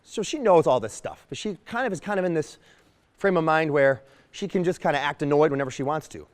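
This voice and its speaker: A man teaches as he works a horse, talking quickly and now and then voicing what the horse seems to think. His voice sits a little high. The sound carries a long, echoing reverb. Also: expressive. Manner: explains while working, voicing the horse's thoughts. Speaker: horse trainer. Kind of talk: outdoor training demonstration.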